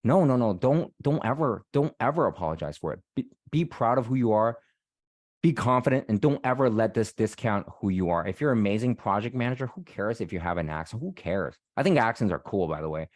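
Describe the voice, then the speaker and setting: A Canadian career coach talks a little fast in a voice on the low side, sounding expressive throughout. The recording is dry and cleanly studio-made. As a guest speaker he keeps things casual, circles back over the same points, and often checks in with "right?"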